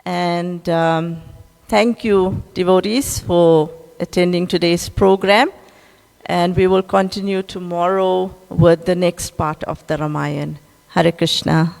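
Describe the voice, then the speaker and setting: Slow South African woman teaching scripture. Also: fairly low pitch, steady tone, vocal fry, a little mellow, big-room sound. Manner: checks in with listeners, asking "right?" after each point. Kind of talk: storytelling scripture lesson.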